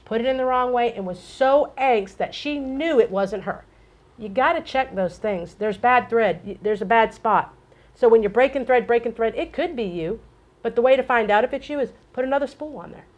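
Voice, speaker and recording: A middle-aged woman co-hosting a casual chat, telling animated stories and acting out dialogue. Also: a little high, moderate pace. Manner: animated storyteller, acts out dialogue. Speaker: co-host.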